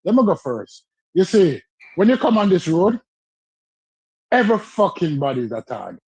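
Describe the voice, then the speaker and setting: A man's voice: sits high, sing-song, normal speed, a little mellow, breathy edge, no room sound, poor audio. A man ranting in a heated podcast debate, building his point with repetition and mocking chants.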